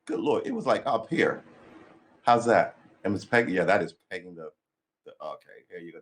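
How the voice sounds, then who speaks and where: A man's voice: sits low, expressive, normal speed, a little hiss or hum. A man chatting casually and rambling on his morning livestream, tired and a bit cranky, with lots of sighs and restarts. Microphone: desk mic being adjusted.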